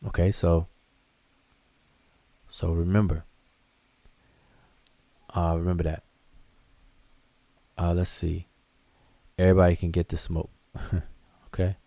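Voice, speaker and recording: Deep, mellow-voiced man teaching a class. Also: level tone, takes it slowly, pauses often, no room sound. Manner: loose, conversational explaining with frequent restarts and fillers. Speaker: hieroglyphics teacher. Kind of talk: live online class answering viewer questions.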